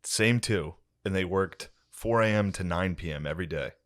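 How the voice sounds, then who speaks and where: A man in his thirties co-hosting a comedy podcast, telling crude stories with laughs and jumping into high mocking voices for quotes. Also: normal speed, a bit bright. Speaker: podcast co-host. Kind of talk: casual comedic storytelling.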